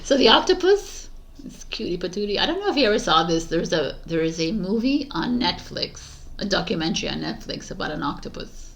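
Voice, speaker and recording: A woman reading tarot in vlog bloopers, giggling and flustered, stumbling and restarting, with quiet asides under her breath. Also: on the low side, big pitch swings, brisk, slight background noise. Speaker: tarot reader.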